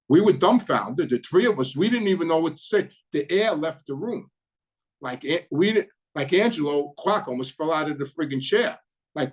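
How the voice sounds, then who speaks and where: A man's voice: fairly high pitch, poor audio. A middle-aged man hosting his own channel, recounting his past in a casual, rambling monologue full of repeats and "you know"s.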